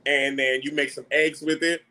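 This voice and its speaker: A man's voice: on the high side, normal speed. Chatty New man, laughing a lot. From New York. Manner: animated, chatty, laughs often, slangy. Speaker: livestream host. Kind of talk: casual livestream chat answering viewer comments.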